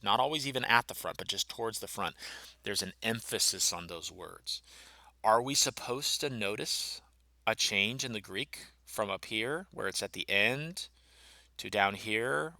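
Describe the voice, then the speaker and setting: A man's voice: lowish voice, bright, forceful tone, dry recording. A man, a pastor, thinking aloud through a Bible passage, musing and explaining its grammar step by step.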